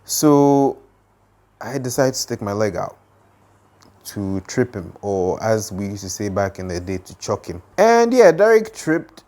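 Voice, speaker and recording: Low-voiced man telling a story dramatically. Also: unhurried. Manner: lively, dramatic retelling with frequent fillers. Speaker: vlogger telling a childhood story. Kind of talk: casual storytelling.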